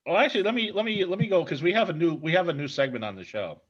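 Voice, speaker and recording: A man's voice: fairly high pitch, expressive, racing, husky. Rambling male talk show host, lo-fi. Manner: rambling, restarts sentences, jokey. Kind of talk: casual interview chat. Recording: dull lo-fi sound.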